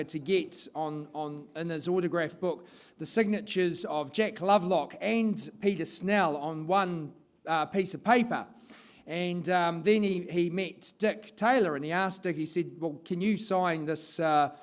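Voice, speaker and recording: A man stands at an awards ceremony telling a personal story in tribute. He halts often, filling the gaps as he goes. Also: on the high side. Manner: halting, with frequent fillers. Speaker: presenter of the award.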